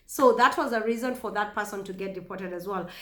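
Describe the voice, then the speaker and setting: A woman with a Kenyan accent telling a story casually to camera, chatty and animated, often laughing. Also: mid-range voice, fairly quick. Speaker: vlogger. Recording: echoey room.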